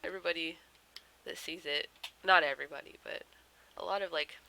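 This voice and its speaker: A young woman telling a rambling anecdote while she draws, full of fillers and deadpan punchlines. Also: on the low side, brisk, creaky, rough recording. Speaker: artist vlogger. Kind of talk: casual storytelling while drawing.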